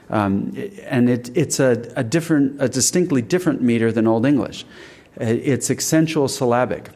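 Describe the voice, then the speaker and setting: A man's voice: mid-range voice, a little mellow. Thoughtful man giving a literary talk. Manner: thoughtful, halting with fillers and restarts; recites Middle English verse aloud. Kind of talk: public lecture.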